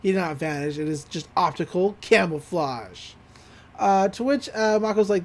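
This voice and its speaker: A man with a high voice talks through an anime episode on a podcast. His retelling rambles, full of fillers and little laughs. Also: animated, normal speed. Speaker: podcast co-host. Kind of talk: casual anime episode recap.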